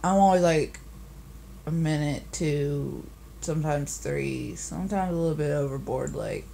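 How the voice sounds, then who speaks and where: A tired young woman vlogging casually, rambling and giggling, often trailing off into soft mumbles. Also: low-pitched, measured pace, vocal fry, a little hiss or hum.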